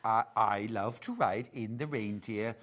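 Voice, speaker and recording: A man's voice: fairly low pitch, measured pace, fairly bright tone, voice pushed down. A man voicing a cheerful male reindeer toy in a jolly, sing-song Liverpool accent. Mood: cheery.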